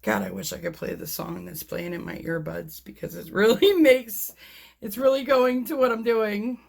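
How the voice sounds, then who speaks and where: A woman narrating her paint pouring as a casual vlog, talking to viewers, easily excited and laughing often. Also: mid-range voice, normal speed, vocal fry, slightly rough.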